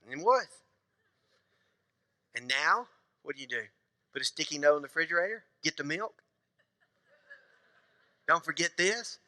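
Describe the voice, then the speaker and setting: A middle-aged man preaches in a church, playful and conversational, slipping into quick little voices for husbands and wives. His voice sits high and bright. The sound is close and dry, but a long reverb from the sanctuary trails after him. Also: animated. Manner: conversational, joking preacher acting out little scenes. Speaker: pastor. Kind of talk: sermon.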